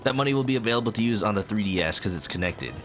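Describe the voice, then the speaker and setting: Rambling, lively-voiced streamer man. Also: lowish voice, very fast. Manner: rambling, talks to chat while playing, hums. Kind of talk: casual gameplay chat. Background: video game music.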